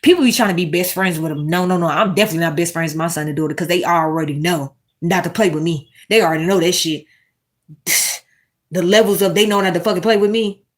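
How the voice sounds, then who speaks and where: A woman hosting a casual commentary monologue, animated and swearing, talking straight to her viewers. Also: on the low side, fast talker. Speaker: commentary host.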